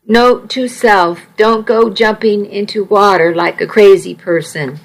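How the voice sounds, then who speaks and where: A woman's voice: medium pitch, fairly even intonation, measured pace, low-quality recording. A woman reading a first-person story aloud in a wry, conversational way. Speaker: audiobook narrator.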